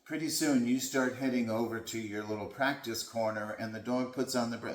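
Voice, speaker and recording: A man who works as a dog trainer, explaining training in a calm, patient way. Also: mid-range voice, fairly quick. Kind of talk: instructional talk. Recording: echoey room.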